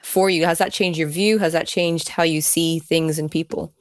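A woman hosts a podcast conversation in a fairly low voice, recorded dry and close with no room echo. She affirms her guest and then muses at length, repeating words as she gathers her thoughts. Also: fairly even intonation, normal speed. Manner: warmly affirming, thoughtful, repeats words while searching for them. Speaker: podcast host. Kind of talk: casual interview chat.

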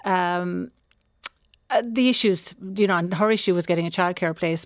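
A woman's voice: mid-range voice, no echo, studio quality. Woman presenting a radio phone-in. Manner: warm interviewer, asks follow-up questions.

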